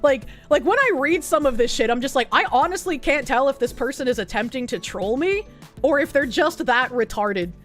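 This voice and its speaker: A woman streamer chatting casually and crudely, sarcastic and quick to laugh. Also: high voice, lively intonation, fairly bright tone, soft background music. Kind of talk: casual livestream chat.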